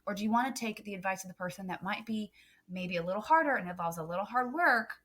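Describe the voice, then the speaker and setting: A woman's voice: mid-range voice, fast talker, a bit bright. A woman photographer on a podcast, talking earnestly and emphatically with many "um" fillers. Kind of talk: casual podcast chat.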